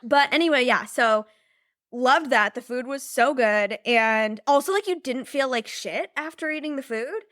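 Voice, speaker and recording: A woman's voice: sits high, expressive, normal speed, a bit bright, no echo. Bubbly young woman, dry close mic. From United States. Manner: bubbly, rambling, lots of fillers and laughs. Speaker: podcast host and business mentor. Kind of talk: casual chat.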